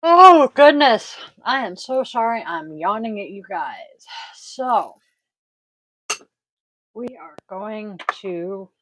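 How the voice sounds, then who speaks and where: A woman's voice: mid-range voice, animated, slow, pauses often, low-quality recording. A woman chatting casually to her viewers while setting up a tarot reading, sleepy and groggy, easygoing and self-deprecating.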